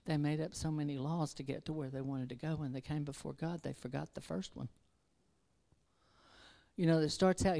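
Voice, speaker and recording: A woman's voice: deep voice, fairly even intonation, normal speed, creaky, pauses often, mellow. A woman preaching an informal sermon in a rambling, conversational way, restarting herself and building into fervent exhortation. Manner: self-interrupting, restarts verses.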